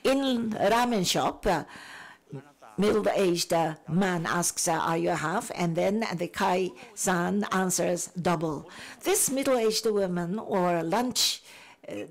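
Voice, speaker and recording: Woman interpreting in halting phrases. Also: on the low side.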